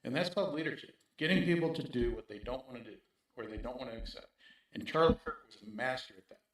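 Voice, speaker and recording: A man talks as an interview guest, pressing his points and tagging them with "right?". His voice sits at an ordinary middle pitch. The recording is very echoey, as if made in a bare room. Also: expressive, fast talker. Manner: emphatic, repeats points with "right?". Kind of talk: casual interview talk.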